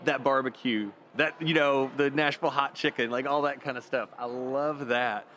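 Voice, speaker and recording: A man's voice: mid-range voice, fairly even intonation, normal speed, bright, forceful tone. A man moderating a panel discussion, enthusiastic as he hands turns to the guests.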